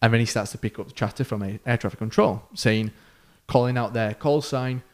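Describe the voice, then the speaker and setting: A man on a podcast, spinning a story in a relaxed, chatty way. He acts out each person's lines with lively swings in pitch and loudness, and he fills the pauses with ums and uhs. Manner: animated storyteller who acts out quoted voices, with fillers. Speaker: podcast co-host. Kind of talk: casual storytelling.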